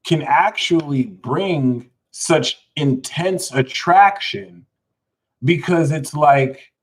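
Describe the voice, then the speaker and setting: A man giving a live astrology talk to his audience in an animated, jokey manner with plenty of swearing. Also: fairly high pitch, drawn-out words, poor audio. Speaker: astrology reader.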